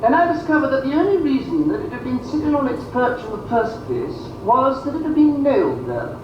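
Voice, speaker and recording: A woman's voice: high-pitched, very animated, brisk, noisy background. A woman playing an exasperated, insistent customer complaining about a dead parrot in a comedy sketch. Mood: indignant. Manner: exasperated, insistent, mock-formal. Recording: echoey, dull clip played through speakers.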